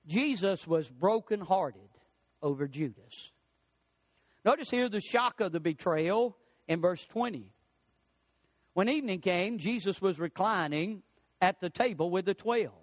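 A pastor with a very high voice delivers an emphatic sermon. He climbs on his questions and drops low and soft on key phrases. The sound is close and dry, with no room echo. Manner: emphatic preaching, rising on questions and dropping low on key words. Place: church.

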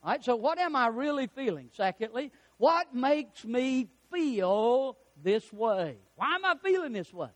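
A man's voice: very high-pitched, sing-song, a little slow, hardly any pauses. A man preaching a sermon as pastor, telling stories and acting out the lines of people in them. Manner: storytelling preacher, acts out quotes, chuckles at own jokes.

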